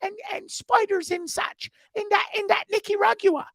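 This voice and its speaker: A woman's voice: fairly even intonation, normal speed, creaky, dry recording, studio quality. A man putting on his older mother's voice, a blunt, grumbling mum. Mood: indignant. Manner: shrill and blunt, grumbling about sports and bloody monkeys. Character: fussy older mother scolding in a high voice.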